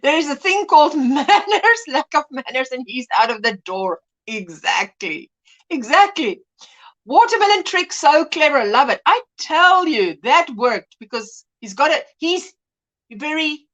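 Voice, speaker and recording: A middle-aged woman hosting a casual livestream, chatting and reading out viewer comments as an animated storyteller who mimics voices and laughs often. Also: on the high side. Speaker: livestream host.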